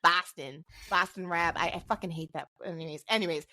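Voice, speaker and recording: A woman co-hosting a podcast in casual chat, animated and self-deprecating. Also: on the low side, brisk, no room sound. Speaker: podcast co-host.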